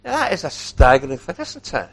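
A man delivers a sermon in a fairly high voice. He is animated, swings between quiet asides and raised emphasis, acts out quoted lines, and keeps putting questions to his congregation. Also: a little fast, creaky. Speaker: preacher.

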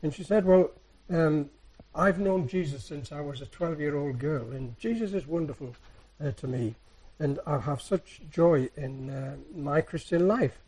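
A man giving a sermon, a soft-spoken, rambling storyteller who retells everyday encounters. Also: on the high side, a little slow, hardly any pauses, low-quality recording. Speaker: church speaker. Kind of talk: anecdotal sermon.

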